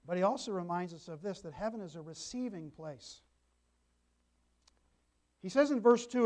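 A man's voice: sits high, expressive, normal speed, long pauses, darkish tone. An older man, a grandfather, preaching a sermon as pastor and telling homely stories with asides to the congregation. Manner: folksy storytelling with congregation asides.

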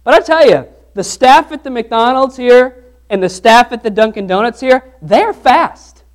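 A man with a strikingly high voice preaches to his congregation in a church. He talks like he is chatting with them, breaks into everyday stories and restarts his sentences as he goes. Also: unhurried. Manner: conversational, animated storytelling with restarts. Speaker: pastor. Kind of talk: sermon with humorous personal anecdote.

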